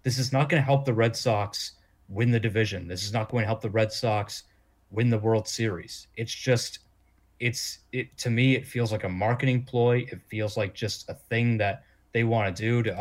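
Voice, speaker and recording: A man's voice: lowish voice, steady tone, moderate pace. A man co-hosting a sports podcast, ranting bluntly in a casual, repetitive way. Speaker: podcast co-host.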